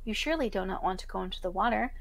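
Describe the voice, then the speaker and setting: A woman's voice: mid-range voice, lively intonation, racing, vocal fry. A woman voicing a curious, kind young fairytale girl.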